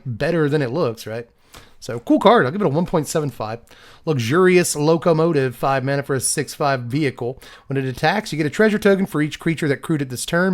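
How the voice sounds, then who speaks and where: A young man casually reviewing game cards one after another, thinking aloud and handing out quick number ratings. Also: medium pitch.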